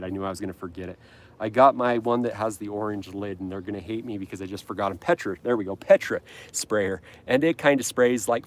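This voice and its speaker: A man from Utah hosting a casual lawn care livestream, rambling and correcting himself as he reads viewer comments with a joking tone. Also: fairly low pitch. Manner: rambling, self-correcting, jokey.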